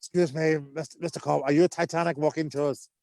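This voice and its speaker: A confused, insistent tourist caller with a Chinese accent, as a man puts him on. He speaks in short, broken phrases, fairly high and dry-sounding. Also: steady tone, quick pace, vocal fry, a little mellow, no room sound. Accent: put-on Chinese-accented English.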